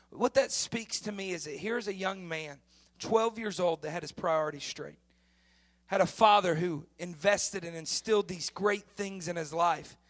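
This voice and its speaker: A man's voice: high voice, fairly bright tone. A middle-aged man preaching a sermon in a conversational style that rises to emphatic peaks. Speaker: pastor.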